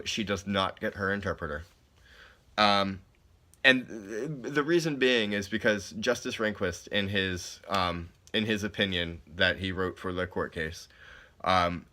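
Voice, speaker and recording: Brief: male presenter, lowish, bright edge, casual explainer working through a court case. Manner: casual, many fillers, explains plainly. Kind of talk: recorded slide presentation, reading legal definitions aloud.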